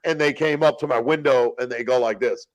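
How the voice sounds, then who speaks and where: A man's voice: medium pitch, fairly quick, no echo, rough recording. A man in casual chat, telling stories with lots of swearing and acting out what others said. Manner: profane, storytelling, acts out quotes. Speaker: guest telling prison stories.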